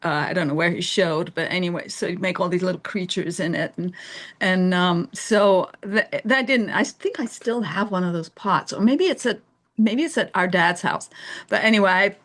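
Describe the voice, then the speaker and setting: A middle-aged woman from England, a guest in a casual interview, telling animated stories and laughing often. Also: fairly low pitch, moderate pace. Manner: animated storyteller, laughs often, acts out voices.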